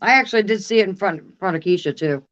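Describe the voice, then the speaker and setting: A woman's voice: medium pitch, animated, fast, fairly bright tone, muffled recording. A woman paranormal investigator chatting casually while filming, cooing at her dog now and then. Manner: coos and baby-talks to her dog.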